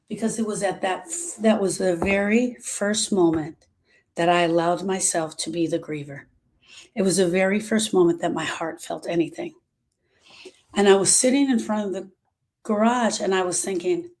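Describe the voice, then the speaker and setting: A middle-aged woman speaking as a grief specialist, talking earnestly to her followers and slowing down on emotional points. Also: mid-range voice, a little mellow. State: emotional, short of breath at moments. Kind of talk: personal talk to followers.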